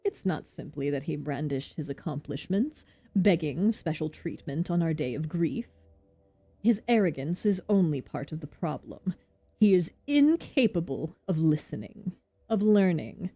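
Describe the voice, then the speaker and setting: A woman's voice: sits low, expressive, unhurried, mellow, slightly rough, heavily acted. A woman doing a stern male town leader. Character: gruff male doctor-leader, stern and cold.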